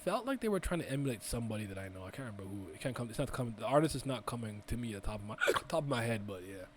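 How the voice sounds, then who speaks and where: A man's voice: medium pitch, sing-song, very fast, background noise. A young man co-hosting a casual podcast, rambling through restarts and swearing freely as he chats. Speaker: podcast co-host. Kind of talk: casual chat.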